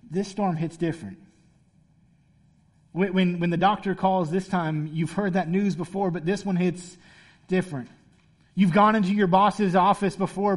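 A man's voice: high voice, darkish tone. A man as a pastor preaching a sermon in a casual, playful storytelling way.

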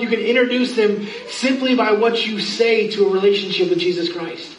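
A man's voice: high voice, fairly even intonation, moderate pace, hardly any pauses. Brief: man in his thirties, a pastor preaching earnestly, faint room noise in the back. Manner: earnest, pleading, with self-mocking asides. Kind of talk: sermon. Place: church sanctuary. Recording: echoey room, from far off.

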